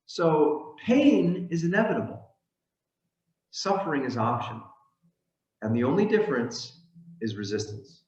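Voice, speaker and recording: A man's voice: fairly high pitch, big pitch swings, a little mellow. Man giving a conversational sermon, echoey. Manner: storytelling, halting with restarts. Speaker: minister. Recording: echoey, dull room sound.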